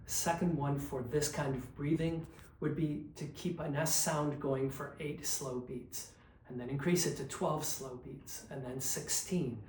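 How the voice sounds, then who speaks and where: Man coaching diction in an echoey room. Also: medium pitch. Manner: calm, explanatory, demonstrates drills aloud. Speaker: vocal coach. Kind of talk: instructional diction drills. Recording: roomy echo, faint background noise.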